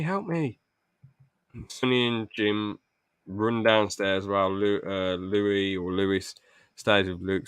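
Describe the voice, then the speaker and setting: A young man hosting a podcast, pitching a film script in a rambling, stop-start way with lots of fillers. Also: smooth, no room sound, studio quality. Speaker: podcast host. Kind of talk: casual podcast chat, reading out a film pitch.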